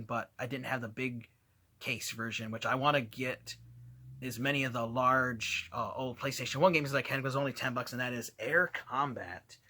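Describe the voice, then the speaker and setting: A man's voice: mid-range voice, bright, forceful tone. A man casually showing off his recent video game finds in an enthusiastic, rambling way with plenty of fillers. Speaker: video game collector vlogger. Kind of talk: casual show-and-tell vlog.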